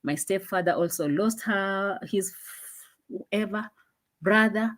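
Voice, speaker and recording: A young woman hosting a casual live stream, chatting and laughing, dropping into low asides, on a phone mic. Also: takes it slowly.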